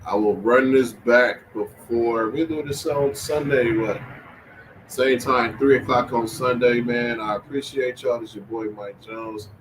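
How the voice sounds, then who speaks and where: A man hosting a casual sports-talk livestream, animated and slangy, laughing and trash-talking as he reacts to chat. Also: medium pitch, a little slow, background noise. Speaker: livestream host.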